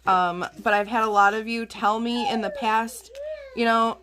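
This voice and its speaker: A woman's voice: fairly high pitch, steady tone, moderate pace, crowd noise. A woman rambling in a chatty, self-deprecating way as she talks through her journal crafting at home. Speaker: craft channel host. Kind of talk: casual chat while journaling.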